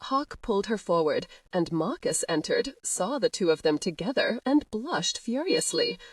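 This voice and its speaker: A woman narrating a historical romance audiobook in steady storytelling. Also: medium pitch, normal speed, no room sound.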